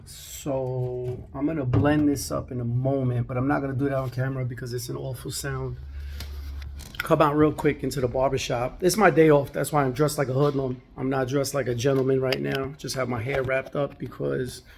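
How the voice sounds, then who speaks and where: Casual barber vlogger, gravelly voice, chatty and conversational, talking to camera in his shop. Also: medium pitch, flat delivery, normal speed, background noise. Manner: conversational, with frequent "right?" tags. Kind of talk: casual vlog talk.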